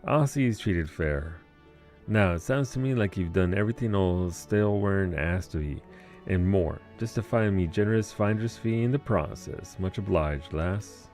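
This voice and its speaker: A gruff innkeeper with a rough sailor's brogue, as a man reads his game dialogue aloud. The voice sits very low and deep, dropping letters with salty humor, while faint music runs underneath. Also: moderate pace, darkish tone. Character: gruff male innkeeper, seafaring guild boss, rough-humored.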